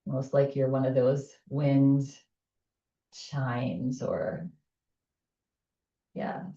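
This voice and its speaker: A woman teaching chair yoga, giving gentle, soothing cues and guiding breathing. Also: very deep voice, very slow, gravelly, reverberant, distant mic, highs cut off. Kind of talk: guided chair yoga instruction.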